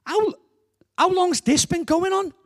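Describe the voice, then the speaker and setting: A man doing a squeaky, indignant Scouse lad. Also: measured pace. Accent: Liverpool. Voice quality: very high, squeaky. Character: young shepherd boy, indignant and passionate.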